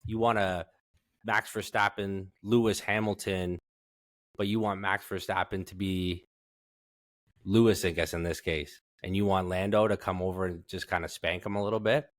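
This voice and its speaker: A man's voice: low-pitched, fairly even intonation, normal speed, dry recording. A man hosting a casual podcast, joking and cursing while he steers the conversation. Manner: joking, profane, steers the talk. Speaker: podcast host. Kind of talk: casual chat.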